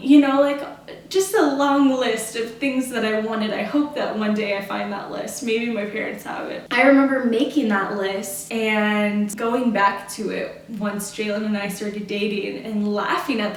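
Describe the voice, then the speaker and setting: A woman's voice: medium pitch, recorded from a distance. Young woman vlogging in an echoey room. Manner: chatty and earnest, with frequent "like" and "you know". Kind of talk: casual story time. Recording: echoey room, voice off-mic, faint hiss.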